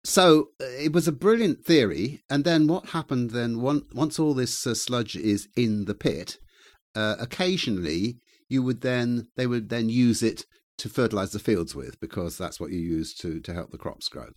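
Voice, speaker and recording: A man's voice: mid-range voice, animated, moderate pace, dry recording. A man in casual chat, telling rambling, self-deprecating stories.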